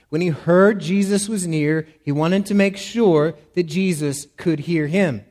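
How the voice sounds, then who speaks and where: Male pastor, fairly high voice, sermon delivery, emphatic retelling with raised cries. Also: lively intonation, unhurried, darkish tone, long reverb tail. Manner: preaching with rising, emphatic cries in quoted pleas.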